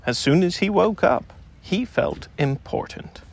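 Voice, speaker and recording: A man narrating a children's storybook audiobook in an expressive, gently paced reading. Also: high voice, a little slow, vocal fry.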